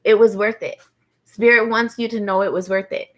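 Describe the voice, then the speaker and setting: A woman's voice: mid-range voice, fairly even intonation, normal speed. A woman giving a live-streamed tarot reading in a chatty, heartfelt way, often saying "like" and speaking to viewers by name and star sign. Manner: chatty, heartfelt, fills speech with "like". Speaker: tarot reader.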